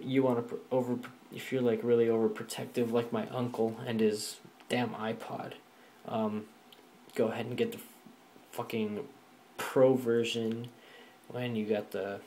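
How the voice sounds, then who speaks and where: A man's voice: mid-range voice, warm tone, a little hiss or hum. A man vlogging a casual walkthrough of a phone app, talking offhand and rambling, with fillers and the odd swear word. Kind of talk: casual screen-recording walkthrough.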